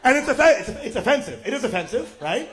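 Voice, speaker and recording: A man doing stand-up in an animated way, slipping into mimicked accents. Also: extremely high pitch, fast talker, a crowd in the background. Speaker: stand-up comedian. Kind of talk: stand-up routine. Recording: very noisy stage recording.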